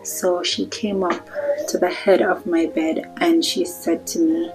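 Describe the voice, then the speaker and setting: A woman's voice: fairly low pitch, fairly even intonation, unhurried, a little mellow, faint music behind, poor audio. A young Jamaican woman narrating a storytime vlog in a chatty way, talking straight to her viewers. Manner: chatty, addresses viewers directly. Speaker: vlogger.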